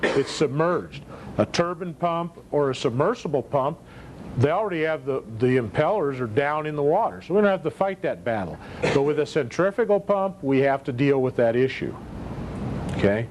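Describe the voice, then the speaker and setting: A man's voice: fairly high pitch, animated, normal speed, darkish tone. Man lecturing over background noise. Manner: plain explanatory, checks in with listeners. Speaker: instructor. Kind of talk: classroom lecture.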